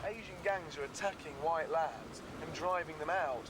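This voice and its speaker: A man's voice: on the high side, normal speed, very noisy. A young man talking candidly to a documentary crew, boastful and laughing. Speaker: documentary subject. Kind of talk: candid talk to the camera.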